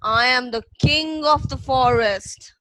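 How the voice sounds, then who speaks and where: A woman voicing a proud male lion, the king of the forest, with loud, slow, indignant lines. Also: high voice, dry recording, low-quality recording.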